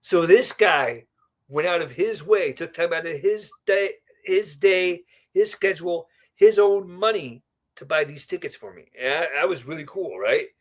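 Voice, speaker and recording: Man, podcast guest, casual storytelling, rambling, fairly high voice, keeps saying "right?". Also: a little slow. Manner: often ends remarks with a questioning "right?"; chatty, rambling with asides.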